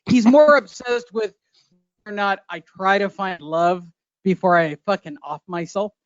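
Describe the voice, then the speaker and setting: A man hosts a loose boxing podcast, brash and profane as he needles his co-hosts. His voice sits high for a man. The audio is dull and dry. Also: normal speed, dry recording. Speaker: podcast host. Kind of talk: casual boxing chat.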